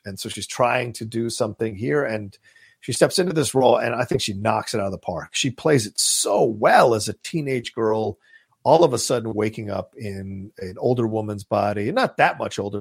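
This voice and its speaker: A man's voice: fairly low pitch, gravelly, husky, dry recording, studio quality. A man co-hosting a casual podcast, rambling enthusiastically about movies and swearing now and then. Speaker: podcast co-host.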